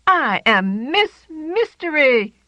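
Woman doing a high eager young winged cat girl. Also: big pitch swings, slow pace, fairly bright tone, dry recording, heavily acted. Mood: defiant. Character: young female winged black cat, plucky. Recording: dry, slightly dull recording.

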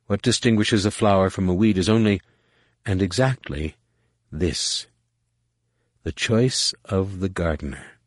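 A man reading a calm, enigmatic female alien mentor in an audiobook, speaking slowly and in measured questions. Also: sits low, no echo, studio quality. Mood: calm riddling.

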